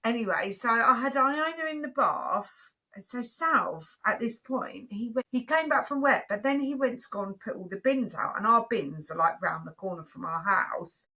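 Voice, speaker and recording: High, bright-voiced woman telling a story. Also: expressive. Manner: acts out voices of her crying kids and herself, gets loud and fast. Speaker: podcast co-host. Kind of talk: casual chat, animated storytelling.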